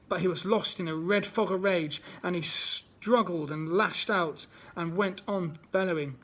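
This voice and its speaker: A man's voice: sits high, measured pace, hardly any pauses, a bit bright. A man reading a children's book aloud as a storyteller, unpolished and often restarting.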